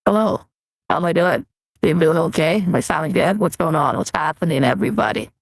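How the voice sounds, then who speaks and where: A man voicing an old grandmother with a cold through a voice changer filter, loud and chatty. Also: on the high side, animated, fairly quick, dry recording.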